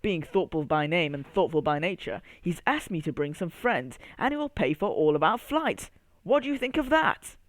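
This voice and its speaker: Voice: medium pitch, animated, normal speed, hardly any pauses, no room sound, lightly acted. A reader voicing Tall Tomato, an eager fruit friend. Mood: announcing. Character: tall male tomato, cautious and announcing.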